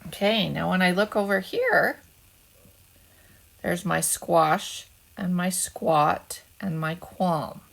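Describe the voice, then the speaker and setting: A woman's voice: lowish voice, creaky. A woman teacher giving a patient phonics lesson to second graders, asking them to repeat words after her. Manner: slow, patient, asks children to echo words. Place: at home, away from school.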